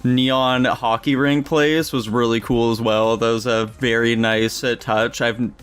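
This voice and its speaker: A man's voice: mid-range voice, little pitch movement, a little slow, fairly bright tone, smooth. A man co-hosting a casual movie review podcast, swearing freely as he praises scenes he liked. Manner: loose and profane, enthusiastic. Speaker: podcast co-host.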